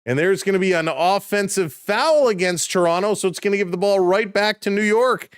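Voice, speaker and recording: A man doing live play-by-play commentary for a stream, calling plays quickly and chatting with viewers in between. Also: high voice, clear, resonant tone, no room sound, clean studio sound. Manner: rapid play calls, rising excitement on big plays, chatting with viewers.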